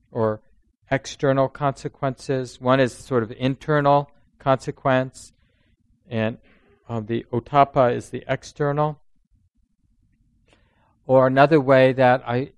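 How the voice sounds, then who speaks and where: Male meditation teacher, mid-pitched, reflective dharma-talk delivery, dry close sound. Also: clean tone, no room sound. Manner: reflective, unhurried, voices inner thoughts in quotes.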